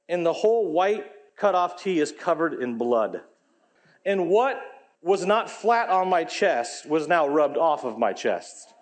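A pastor, telling a humorous personal story in a folksy, animated sermon. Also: male voice, high voice.

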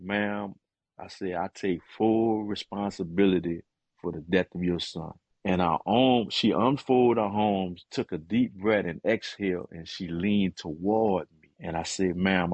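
A middle-aged man with a low, husky voice tells his story earnestly and with feeling. He speaks through hesitations and the odd "man," which makes it sound heartfelt. The recording is dry and close, with no room sound. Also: dry recording. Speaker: guest and author. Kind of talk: personal testimony in conversation.

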